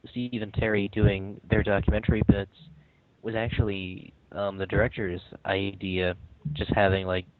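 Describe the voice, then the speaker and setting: Male podcast co-host, relaxed casual chat, low voice, tinny phone-like audio. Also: normal speed, no room sound.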